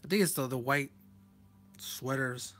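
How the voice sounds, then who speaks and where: A man's voice: mid-range voice, unhurried, fairly bright tone, faint music behind. A man casually reviewing a comic page by page, chuckling often and correcting himself in rambling asides. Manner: chuckles often and reads panel text aloud.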